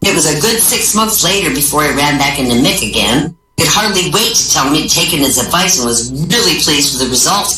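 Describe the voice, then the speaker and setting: A woman telling a string of Irish pub jokes, jumping up in pitch for each quoted character. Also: big pitch swings, moderate pace, sharp tone, slight background noise. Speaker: stand-up comic. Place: small comedy venue. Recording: echoey room from far off, faint music.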